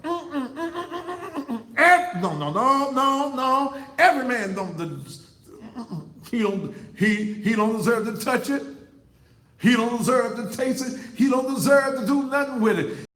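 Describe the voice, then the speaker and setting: A man giving blunt, fiery advice in a preaching-style monologue, repeating words in bursts and swooping up high. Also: expressive, unhurried, a bit bright, soft background music. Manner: blunt, street-talking advice. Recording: roomy, echoey sound.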